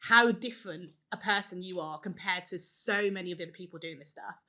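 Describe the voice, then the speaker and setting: A woman hosting a podcast interview, talking in a blunt, emphatic, animated way. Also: lowish voice, brisk. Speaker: podcast host. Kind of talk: casual interview chat.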